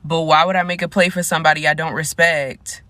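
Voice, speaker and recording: A woman's voice: sits low, level tone, brisk, bright, forceful tone. A woman telling the camera about a boyfriend at a family party, in an exasperated way. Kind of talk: casual storytelling to camera.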